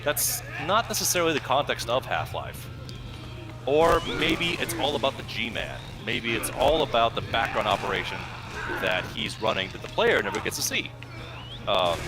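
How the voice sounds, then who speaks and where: Male co-host, mid-pitched, wordy and analytical, loud game music behind him. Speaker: co-host gaming commentator. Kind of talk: casual gameplay chat.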